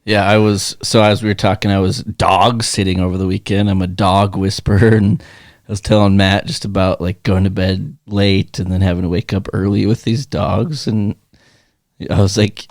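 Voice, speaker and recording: A man co-hosting a podcast in a studio, telling jokes in a casual, deadpan way. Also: sits low, moderate pace, no room sound. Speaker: podcast co-host. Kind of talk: casual joke-telling chat.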